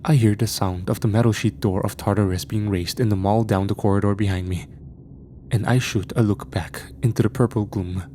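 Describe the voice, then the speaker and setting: A man narrating a first-person horror story in a tense, measured way. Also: lowish voice, steady tone, dark tone, a little hiss or hum.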